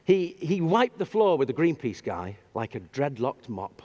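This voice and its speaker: A man giving a humorous storytelling talk on stage, animated and self-deprecating. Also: mid-range voice, measured pace, background noise. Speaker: public speaker. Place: large auditorium stage. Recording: long hall reverb.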